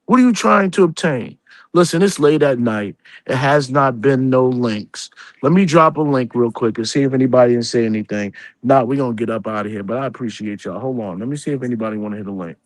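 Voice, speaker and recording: A man's voice: mid-range voice, quick pace, no echo. Man ranting on a live stream. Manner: heated, repetitive, scolding. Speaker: accountant.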